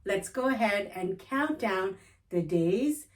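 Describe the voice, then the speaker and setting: A woman reading a children's picture book aloud in a gentle, clear storytelling manner, hosting her own storytime. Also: mid-range voice, lively intonation, slow. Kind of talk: children's read-aloud narration.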